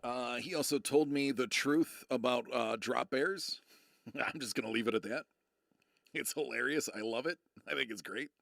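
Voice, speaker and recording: A man's voice: medium pitch, moderate pace, creaky, a bit bright, dry recording. Rambling American man, dry close sound. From United States. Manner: rambling, self-deprecating, many fillers and restarts. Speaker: streamer. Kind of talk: casual live-stream chat.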